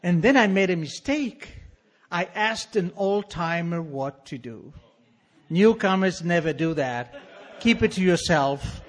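A man in his sixties telling a personal recovery story to an audience in an animated, wry, emphatic way. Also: sits high, a little slow. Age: 60s. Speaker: speaker sharing a recovery story.

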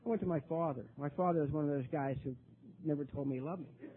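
An older man telling his own recovery story at a meeting, halting and repeating words, his voice rising when he gets worked up. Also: a little high, a little hiss or hum. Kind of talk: personal testimony talk. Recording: tinny phone-like recording.

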